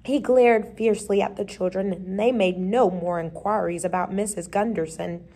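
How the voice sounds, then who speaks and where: A woman reading a children's chapter book aloud, giving the characters short lively voices, with the odd slip and restart. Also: mid-range voice, normal speed. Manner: lively, brief changes of voice for the characters, occasional slips and restarts. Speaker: reader. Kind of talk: storybook read-aloud.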